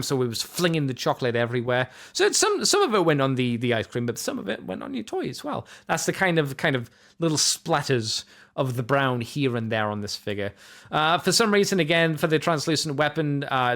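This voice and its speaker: A man's voice: fairly high pitch, fairly bright tone. A man hosting a podcast, chatting casually through a toy review with many fillers, self-corrections and offhand jokes. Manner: jokey, offhand asides. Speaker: podcast host.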